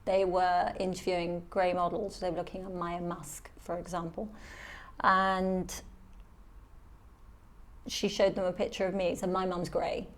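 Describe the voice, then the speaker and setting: A woman's voice: lowish voice, measured pace. A middle-aged woman, a model and guest, telling her life story animatedly and acting out what people said. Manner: animated storyteller who acts out quotes. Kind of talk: storytelling in a podcast interview.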